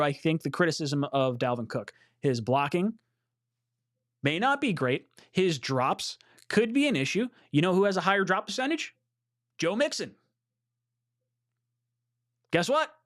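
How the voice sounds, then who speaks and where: A man hosting a casual sports call-in show, excitable and quick to swear while he reads viewer messages. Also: high-pitched. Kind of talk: casual livestream sports talk.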